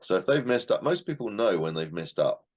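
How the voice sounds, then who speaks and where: A man's voice: lowish voice, sing-song, brisk. A middle-aged man leading an online class discussion of a book, in a conversational way, repeating words and acting out short quotes. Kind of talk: casual teaching talk to an online class.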